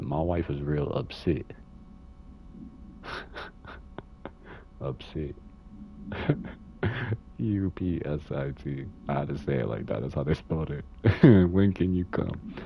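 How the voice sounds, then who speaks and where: Young guy streaming, low gravelly voice, laid-back and swearing, dull lo-fi audio. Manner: laid-back, swears, laughs often while reading in-game letters aloud. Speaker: game streamer. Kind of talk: casual live-stream commentary.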